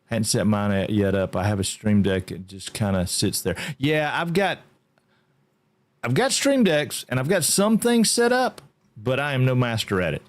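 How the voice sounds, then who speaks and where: This is a middle-aged man hosting a relaxed game livestream. He rambles in an easygoing way. He greets his viewers by name as he chats. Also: mid-range voice, normal speed. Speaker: game streamer. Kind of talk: casual livestream chat.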